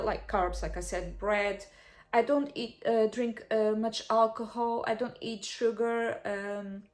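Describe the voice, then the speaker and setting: A young woman vlogger telling a personal story in a halting, heartfelt way, often restarting and apologizing. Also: a little high.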